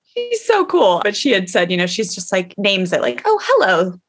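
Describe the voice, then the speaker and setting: A middle-aged woman hosts a parenting podcast. She talks in an animated, chatty way, with plenty of likes and you knows, and moves easily between an explanation and a friendly chat. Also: medium pitch, normal speed. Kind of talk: casual chat with promo read.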